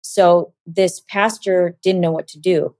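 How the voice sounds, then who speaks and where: A woman telling a personal story as an interview guest, animated and acting out quoted dialogue. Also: fairly low pitch, slow pace, dry recording.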